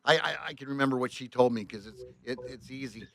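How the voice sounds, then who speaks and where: Bright-voiced man telling a wild road story. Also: medium pitch, fast, no room sound. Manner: animated, swears often, acts out voices, many restarts. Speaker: tour bus driver. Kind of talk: casual storytelling.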